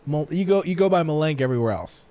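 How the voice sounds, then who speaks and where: A man co-hosting a podcast, playful and quick to laugh in casual chat. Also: on the high side, animated, mellow. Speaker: podcast co-host.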